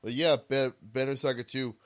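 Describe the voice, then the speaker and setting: Casting: young male podcast co-host, relaxed and agreeable, halting casual speech. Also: medium pitch. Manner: easygoing, hesitant, agreeable. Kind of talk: casual chat about games.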